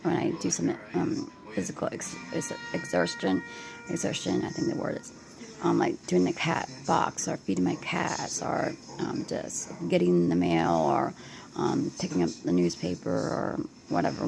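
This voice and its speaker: A woman talking to her camera at home in a rambling late-night vlog, tired and anxious, halting and restarting often with many fillers. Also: extremely low pitch, big pitch swings, creaky, poor audio. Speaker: vlogger.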